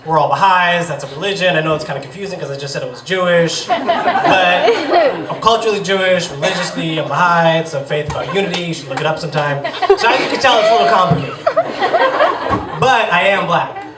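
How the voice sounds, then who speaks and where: A man's voice: high-pitched, expressive, a little fast, a loud crowd. A man in his thirties from the Boston area telling a humorous personal story on stage, wry and self-deprecating. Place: bar stage with a live audience. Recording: echoey room, far from mic, noisy.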